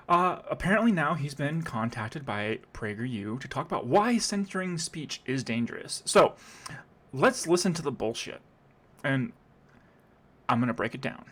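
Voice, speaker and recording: A man at an ordinary pitch reacts to a video in casual, sarcastic commentary. He rambles and keeps breaking off to restart his sentences. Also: fairly bright tone.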